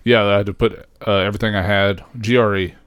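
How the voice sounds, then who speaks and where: Low-voiced, laid-back podcast co-host, man. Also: fairly even intonation, fast talker, a bit bright, clean tone, no room sound. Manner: laid-back, hesitant, many fillers. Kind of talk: casual chat.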